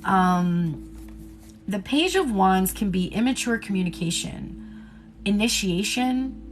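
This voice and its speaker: A woman at a medium pitch gives a casual livestream tarot reading. She rambles loosely through plenty of fillers. She laughs a lot and drops the odd swear word. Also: expressive, slow pace, soft background music. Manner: chatty and candid, laughs often, swears casually. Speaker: tarot reader.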